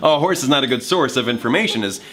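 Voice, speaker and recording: A man's voice: mid-range voice, lively intonation, fast talker, fairly bright tone, lightly acted. A man playing a pedantic, formal logic persona who lectures in precise wording. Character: logical know-it-all male persona, pedantic. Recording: music playing underneath.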